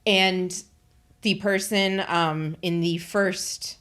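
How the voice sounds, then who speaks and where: Lower-voiced woman co-host, exasperated. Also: drawn-out words, smooth. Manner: animated, exasperated storytelling with laughs. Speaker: podcast co-host. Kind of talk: casual chat.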